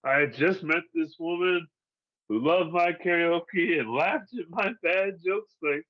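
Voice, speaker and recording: A man's voice: on the high side, measured pace, muffled recording. A man in his forties from Seattle, candidly telling his own survival story in casual, profane storytelling, laughing through the hard parts. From Seattle, United States. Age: 40s.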